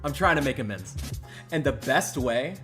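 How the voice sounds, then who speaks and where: A man hosting a livestream, mock-emotional, jumping between loud outbursts and hushed mumbling. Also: mid-range voice, lively intonation, moderate pace, faint music behind. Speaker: host. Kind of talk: livestream commentary.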